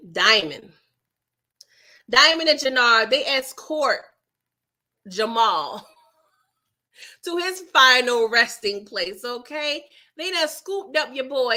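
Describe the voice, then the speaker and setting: Woman host with a bright, sharp voice, telling a show recap in a slangy, expressive way. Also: a little high. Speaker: TV recap vlogger. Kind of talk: casual episode recap commentary.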